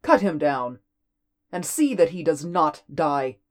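A man voicing a stern, commanding warlord in armor in a story reading, speaking with booming authority. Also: very animated, takes it slowly, clear, resonant tone.

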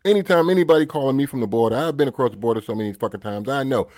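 A man's voice: medium pitch, very fast, darkish tone, no room sound, studio quality. A man from the United States, a co-host, telling stories in casual chat, emphatic and swearing, often checking that he is understood. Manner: emphatic, repeats "you know what I mean", swears.

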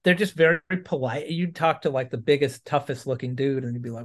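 A man's voice: medium pitch, brisk, fairly bright tone. A man from Maine in casual conversation, chatty, laughing often and restarting his sentences. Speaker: podcast guest. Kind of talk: casual chat.

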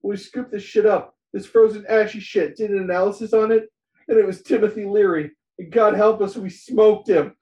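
A man's voice: high-pitched, fairly even intonation, moderate pace, warm tone, roomy sound, far from the mic, muffled recording, voice pushed up, close to an everyday voice. A man voicing a male TV promo announcer in a punchy, hyped delivery.

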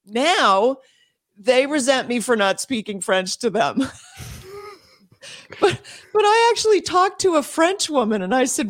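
A woman speaking as an interview guest and homeschool advocate, emphatic and quick, with frequent laughs and restarts. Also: high-pitched, big pitch swings. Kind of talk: passionate interview talk.

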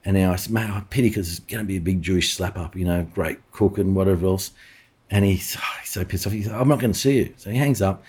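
A middle-aged Australian chef, a podcast guest telling long anecdotes in casual interview talk, with many restarts and fillers. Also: male voice, sits low, steady tone, fast, a little mellow, breathy edge.

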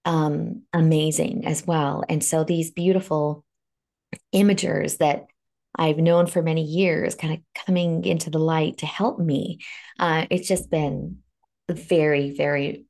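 A woman with a low, gravelly voice tells her story on a podcast. She is frank and emotional and swears without a second thought. She sounds like a life coach speaking from her own experience. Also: steady tone, a little slow, a little mellow. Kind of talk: candid conversational podcast talk.

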